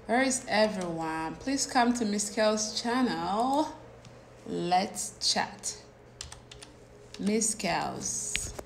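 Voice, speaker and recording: A woman's voice: medium pitch, expressive, takes it slowly, noisy background. A woman with a Nigerian accent chatting casually with her livestream viewers, mixing in pidgin and laughing often. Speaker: livestream host. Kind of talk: casual live chat with viewers.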